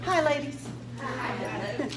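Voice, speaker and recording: A woman's voice: high voice, expressive, very slow, very noisy. A woman crafting instructor talking to a room of women, chatty and full of quoted back-and-forth stories. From Virginia, USA. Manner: chatty, warm storytelling with quoted exchanges. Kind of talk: friendly class talk to a group.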